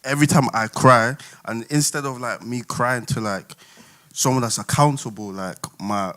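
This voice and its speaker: A man's voice: medium pitch, normal speed, a bit bright. A man with a London accent sharing personal stories on a church panel, open and candid, full of "like". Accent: London English. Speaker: panel guest. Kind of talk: casual personal testimony.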